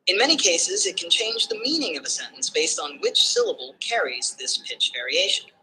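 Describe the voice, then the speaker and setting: A text-to-speech assistant voice giving smooth, structured explanations in numbered points. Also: mid-range voice, big pitch swings, normal speed, sharp tone, a little hiss or hum, low-quality recording. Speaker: AI assistant answering questions.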